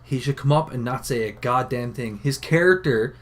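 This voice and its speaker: A man's voice: medium pitch, moderate pace. A man with a Newfoundland accent co-hosting a podcast, giving blunt, opinionated takes and swearing freely in casual chat. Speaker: podcast co-host.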